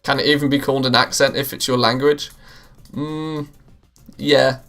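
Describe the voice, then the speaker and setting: British male streamer, gravelly mid-pitch voice, chatty and quick to laugh, faint game music under him. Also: steady tone, a bit bright. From England, near Liverpool. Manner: chatty, laughs often, answers viewer questions. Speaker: livestream gamer host. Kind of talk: casual live-stream chat while gaming.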